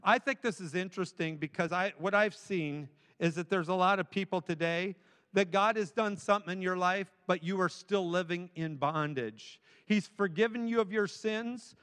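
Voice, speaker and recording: A man's voice: high-pitched, moderate pace, a bit bright, smooth. A man preaching as a guest speaker, urging the listeners with emphatic, repeated phrases. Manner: repetitive, emphatic exhortation. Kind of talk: sermon. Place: large church sanctuary. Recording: long hall reverb.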